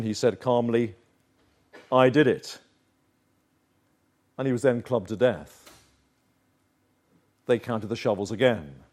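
A man preaching a sermon, earnest and emphatic, slowing down to stress key phrases. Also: medium pitch, darkish tone.

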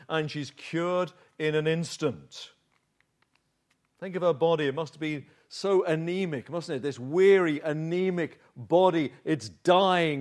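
A man's voice: a little high, lively intonation, slow. A man preaching a sermon through a Bible passage, telling it as a vivid story with rhetorical questions. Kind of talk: expository sermon.

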